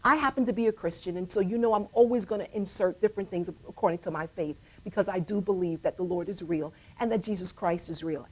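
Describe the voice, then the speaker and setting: A woman's voice: medium pitch, expressive, fairly quick, few pauses. A middle-aged woman hosting a live web talk show, telling a personal testimony that swells into emphatic, preacher-like declarations. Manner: storytelling with repeated phrases.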